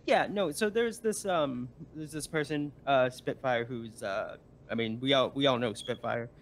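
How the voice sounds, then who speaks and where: A man's voice: mid-range voice, unhurried, slight background noise. A man, a guest on a live stream, telling a story in a rambling casual way with many fillers and restarts.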